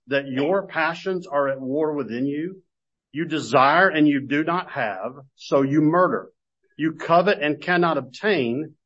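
A man teaching a Bible class, telling homey, self-deprecating stories and then reading scripture in a measured way. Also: on the high side, a bit bright. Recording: dull lo-fi recording.

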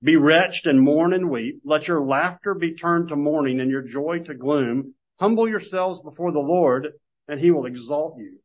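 A man teaching a Bible class, telling homey, self-deprecating stories and then reading scripture in a measured way. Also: fairly high pitch. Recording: dull lo-fi recording.

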